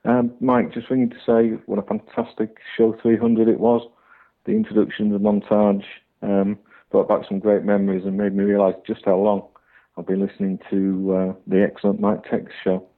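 A man's voice: on the low side, completely flat delivery, normal speed. A man leaving a hesitant voicemail for a podcast, full of ums. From Hull, Northern England. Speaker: caller. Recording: tinny phone-like voicemail.

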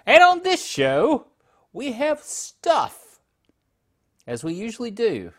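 A man's voice: very high-pitched, huge pitch swings, slow. A middle-aged man hosting a casual tech podcast from his living room, jokey and rambling, tripping over words and laughing at himself.

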